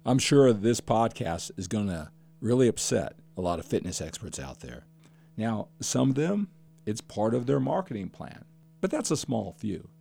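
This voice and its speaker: Older man, podcast host, gravelly voice, mellow tone, passionate and emphatic, repeats phrases for effect. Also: lowish voice, sing-song, normal speed. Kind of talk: podcast monologue.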